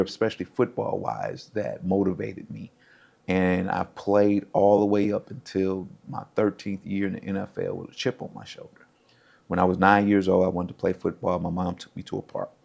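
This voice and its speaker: In a deep, creaky voice, a middle-aged ex-NFL-style pro football player from the U.S. shares stories from his past. He tells them casually and animatedly, imitating the people he quotes.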